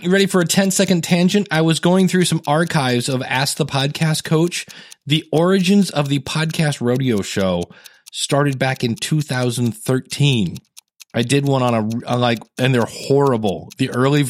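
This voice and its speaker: A man's voice: mid-range voice, dry recording. A man hosting a podcast, introducing callers in a casual, chatty way with rambling asides. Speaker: podcast host.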